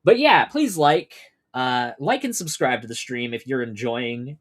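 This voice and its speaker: Animated, profane male stream host. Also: mid-range voice, unhurried, few pauses, noisy background. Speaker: livestream political commentary host. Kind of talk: casual political livestream commentary.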